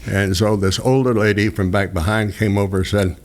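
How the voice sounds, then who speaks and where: A man's voice: fairly low pitch, little pitch movement, fairly quick. An older man from southeast Texas, casually telling rambling, folksy stories as a radio host. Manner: folksy, rambling anecdotes with restarts and chuckles. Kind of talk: casual storytelling chat.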